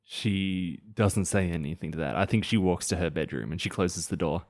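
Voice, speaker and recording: Deep-voiced man running a tabletop game. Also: normal speed. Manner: relaxed, hesitant with fillers. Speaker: game master.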